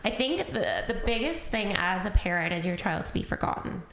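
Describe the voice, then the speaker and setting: Woman hosting a podcast, earnest and emotional, bit of vocal fry, echoey room. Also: medium pitch, very animated, fairly quick, fairly bright tone, a little hiss or hum. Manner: earnest, emotional, speaks openly about grief. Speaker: podcast host, bereaved parent. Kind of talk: heartfelt conversational podcast talk.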